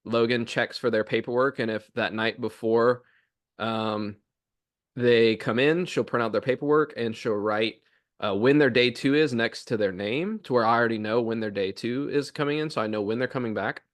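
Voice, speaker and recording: A young man co-hosts a podcast, rambling casually about his chiropractic office routine in a mid-range voice at a moderate pace. He's full of "um" and "like," and he acts out office dialogue.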